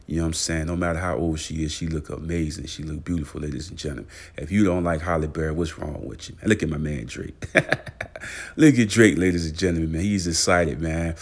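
A man with a very deep, gravelly voice hosts a casual celebrity news vlog. His pitch stays low and flat as he piles on fillers, shout-outs and hype for his viewers. His delivery repeats itself and runs loose and conversational. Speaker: channel host.

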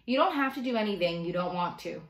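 A woman's voice: fairly low pitch, expressive, quick pace, echoey room. A woman reading aloud as a protective, easygoing father in a children's novel. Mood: calm.

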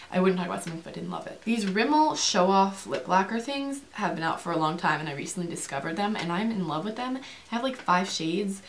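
A young woman chatting fast and rambling through a beauty product review, with many fillers and restarts, speaking to camera. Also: on the low side, a little hiss or hum. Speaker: beauty vlogger.

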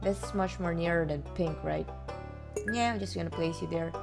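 A woman's voice: on the low side, moderate pace, creaky, music in the background. A woman hosting a let's play, chatting to her viewers in a chatty, exclaiming way with frequent gasps. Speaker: gaming channel host.

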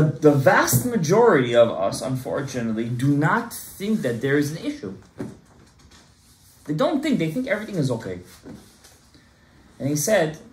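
Man, animated Torah class, lively pitch swings, roomy echo, loud-soft emphasis. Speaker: rabbi giving a Torah class. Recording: echoey room.

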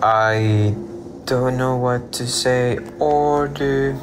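A man's voice: medium pitch, fairly even intonation, very slow, noisy background. A drowsy man casually chatting with viewers on a livestream from home, rambling and greeting people. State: sleepy, drowsy. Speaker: livestream host. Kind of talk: casual live-stream chat.

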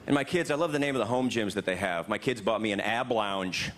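Middle-aged male comedian, lively stand-up delivery, recorded live with a noisy laughing crowd. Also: a little fast. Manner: animated, jumps into high silly voices for bits. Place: comedy club stage. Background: audience laughter.

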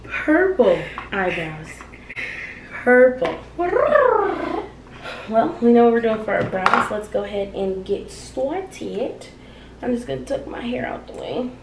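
A woman's voice: on the high side, moderate pace, vocal fry. A young adult woman co-hosting a casual, playful chat about a makeup challenge, recorded from a distance in an echoey room. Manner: chatty, playful, says y'all. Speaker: co-host. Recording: echoey room, mic far off, noisy.

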